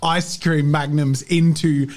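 A man playing a tabletop game, describing his character's schemes in an animated, self-amused way. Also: a little high, takes it slowly. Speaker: player. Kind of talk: tabletop role-play as a player.

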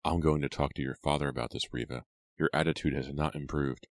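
A huffy, disapproving woman supervisor, clipped and stern, played by a male narrator with a very deep voice. The reading is close-miked and dry. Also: steady tone, a little fast, no echo. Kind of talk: audiobook character reading.

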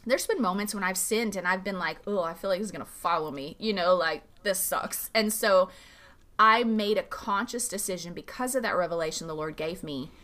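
Animated woman pastor, casual teaching. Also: moderate pace. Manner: animated, acts out quoted dialogue with big pitch jumps; casual, many "like" fillers. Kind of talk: conversational faith teaching.

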